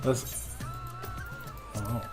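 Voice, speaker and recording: A man's voice: extremely slow, loud music behind the voice. Joking, laughing male game streamer. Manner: laughing, joking, talking to chat. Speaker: livestreamer. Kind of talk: casual gameplay livestream.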